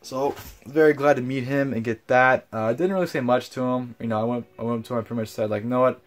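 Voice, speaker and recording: A young man recounts his weekend in a casual vlog, at an everyday middle pitch. He talks loosely and swears often. His story is full of ums and likes, and his annoyance shows through. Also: quick pace. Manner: frustrated, profane storytelling with lots of fillers. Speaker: vlogger.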